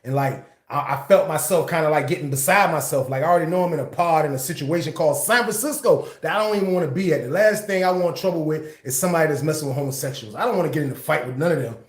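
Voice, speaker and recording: A man's voice: a little high, fast talker, few pauses, echoey room. Slangy man telling a story live. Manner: loose, slangy, animated retelling. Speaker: livestream host, storyteller. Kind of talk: casual storytime livestream.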